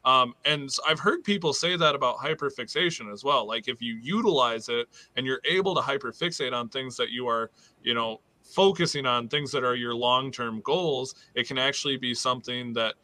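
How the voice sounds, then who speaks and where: Brief: chatty male podcast host, sharp bright voice, dry mic. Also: medium pitch, a little fast, no echo. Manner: chatty, reads listener messages. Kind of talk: casual chat.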